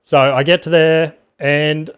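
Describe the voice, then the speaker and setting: A man's voice: fairly high pitch, takes it slowly, clean tone, no room sound. A young Australian man, a podcast host and stand-up comedian, telling stories in casual chat, swearing freely and acting out quotes. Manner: swears freely, animated retelling with acted-out quotes. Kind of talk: casual storytelling.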